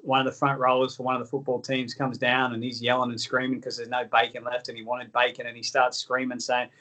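Australian male guest, middle-aged, earnest storyteller, restarts his sentences a lot, mid pitch. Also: completely flat delivery, a little fast, few pauses, sharp tone, poor audio. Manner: earnest, rambling, repeats words when starting sentences. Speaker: guest author. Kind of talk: conversational interview storytelling.

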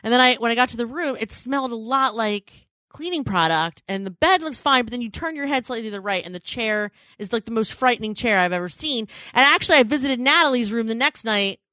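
A woman in her thirties co-hosting a podcast, telling a rambling story in casual chat, full of "like" fillers and quick self-corrections. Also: fairly high pitch, animated, bright, forceful tone, dry recording. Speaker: podcast co-host.

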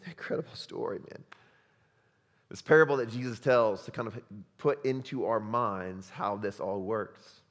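A pastor with a lowish voice delivers an impassioned sermon, and the audio carries a long reverb tail. He swings between loud, urgent passages and hushed, quiet ones.

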